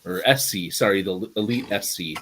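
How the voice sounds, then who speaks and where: A man's voice: deep voice, moderate pace, a bit bright, poor audio. A man joining a casual chat, blunt and swearing casually. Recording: faint background noise.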